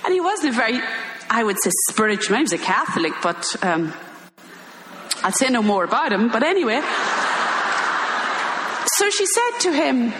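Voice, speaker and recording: An older Irish woman, a religious sister, telling an animated story and acting out the voices in it. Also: a little high, normal speed, pauses often, a little hiss or hum. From Ireland. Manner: animated, acts out quoted voices, laughs while telling. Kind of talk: storytelling talk. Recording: echoey hall with long reverb.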